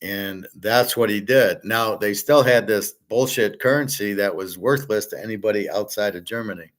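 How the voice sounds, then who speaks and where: His voice is fairly low and his speed normal. Teaching a class in a casual, blunt lecture, this middle-aged man rambles, curses freely, and often restarts his sentences with repeated words.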